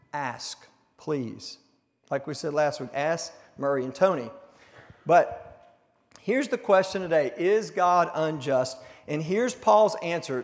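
A man pastor giving a conversational sermon with a recurring cough, restarting words and slowing down for emphasis. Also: high-pitched. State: coughing now and then. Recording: long hall reverb.

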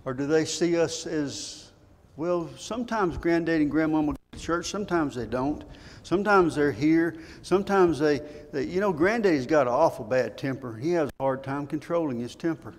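A man's voice: fairly high pitch, moderate pace. An older man preaching a sermon, telling folksy stories and asking his congregation rhetorical questions. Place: church sanctuary. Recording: church hall reverb.

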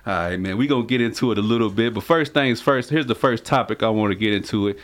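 Fast-talking hyped male podcast host. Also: on the low side. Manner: loud, hyped, teasing. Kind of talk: casual sports chat.

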